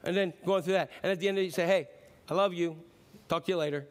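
A high-voiced middle-aged man delivers a sermon. He talks to the congregation in a conversational, personal way, then builds to emphatic, declarative peaks. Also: fairly even intonation, fast talker. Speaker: pastor.

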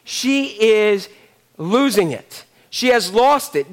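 High-voiced male pastor, animated. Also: moderate pace. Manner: animated storytelling, acting out characters. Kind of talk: sermon.

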